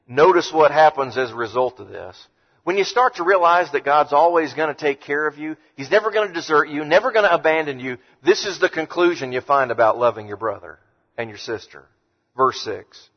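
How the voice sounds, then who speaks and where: A man preaching a sermon emphatically, slowing down to read verses. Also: fairly high pitch. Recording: dull lo-fi sound with long hall reverb.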